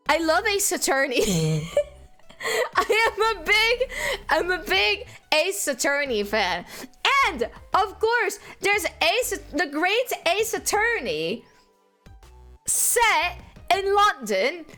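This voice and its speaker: Bubbly high-voiced woman streamer. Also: pushed and bright. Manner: bubbly, laughs often, squeals when thanking viewers. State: sleep-deprived. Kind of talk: casual live-stream chat.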